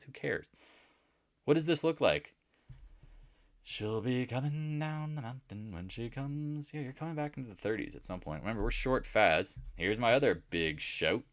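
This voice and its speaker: A market analyst host with a lowish, fairly bright voice gives a casual, jokey trading recap over charts. He speaks straight to his viewers and answers questions he imagines they'd ask, in a dry, clean studio recording.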